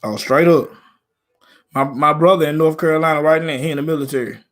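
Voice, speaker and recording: Memphis-accented man, higher voice. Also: steady tone, a little fast, a bit bright. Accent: Memphis Southern US. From Memphis, Tennessee. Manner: laid-back, slangy, repeats himself. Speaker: live stream host. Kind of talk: casual live stream sports talk.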